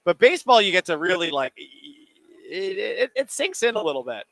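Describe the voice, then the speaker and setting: A man whose voice sits high and a bit creaky speaks at a moderate pace, with no room sound. As a sports radio host in a studio, he jokes animatedly through casual call-in questions from listeners, talking with food in his mouth, on a studio microphone.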